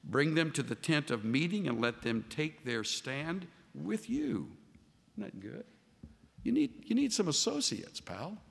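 A man preaching a sermon as a pastor, animated and voicing the figures he quotes. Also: on the high side, measured pace, creaky. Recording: long hall reverb.

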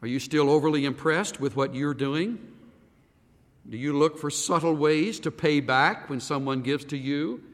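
A man preaching a sermon as a pastor, animated and firing rhetorical questions at the congregation. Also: fairly high pitch, normal speed. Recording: reverberant hall.

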